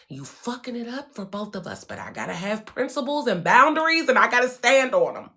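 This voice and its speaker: A woman giving a candid motivational talk as host of her own show, blunt and profane, swinging between hushed calm and loud emphatic bursts. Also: a little high, fairly quick, hardly any pauses. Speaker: spiritual wellness host.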